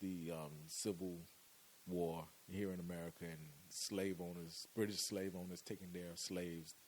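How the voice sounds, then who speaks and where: Man, Bahamian accent, podcast co-host, low voice, animated, slangy, laughs a lot. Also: measured pace, a little hiss or hum. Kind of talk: casual chat.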